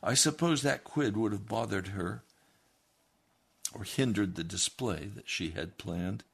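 A man's voice: lowish voice, unhurried, gravelly, a bit bright, husky. A male preacher telling a first-person story and exhorting his listeners earnestly.

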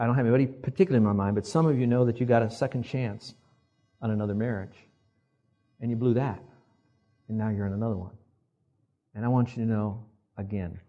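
Older male pastor, husky voice, acts out quotes, call-and-response sermon. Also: mid-range voice, muffled recording. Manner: animated, acts out quoted voices, asks the congregation to repeat.

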